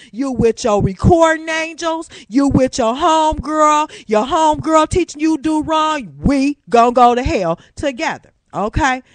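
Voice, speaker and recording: Woman host with an African American Vernacular English accent, talking from her room. Slightly high voice, lively and preachy, with street slang. Dry, close sound. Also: dry recording. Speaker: talk show host. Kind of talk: casual religious talk show monologue.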